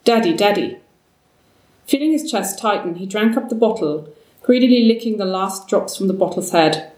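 A woman's voice: mid-range voice, animated, a little fast, a little mellow. Woman reading a story from afar. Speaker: narrator. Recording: roomy, distant mic.

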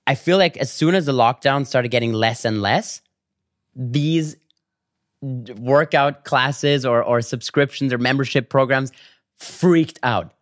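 A man talks straight to camera in a casual comedic vlog, spinning stories with fast asides and sudden animated jumps. His voice sits mid-range, and the recording is close and completely dry, with no room sound behind him. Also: medium pitch, no room sound. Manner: animated storytelling with quick asides and bursts of laughter. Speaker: vlogger.

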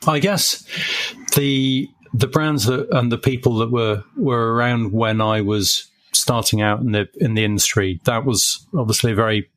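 A man's voice: medium pitch, fairly even intonation, normal speed, a bit bright, no echo. A man, a guest on a podcast, telling rambling, wry anecdotes in casual conversation. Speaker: guest, magazine editor.

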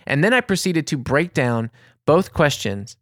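A man telling a casual anecdote in an animated, exasperated way, with vivid asides. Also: on the high side, unhurried, dry recording, clean studio sound. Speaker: storyteller.

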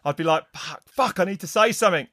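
A middle-aged man, a race commentator, telling stories in casual chat, rambling and animated with many restarts. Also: high voice, quick pace, no echo, clean studio sound. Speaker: mountain bike race commentator. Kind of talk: casual podcast storytelling.

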